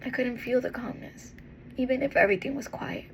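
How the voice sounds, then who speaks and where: A woman giving a heartfelt, encouraging monologue as a vlogger, earnest and tender, with pauses and restarts. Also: high voice, a little hiss or hum, rough recording. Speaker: motivational vlogger.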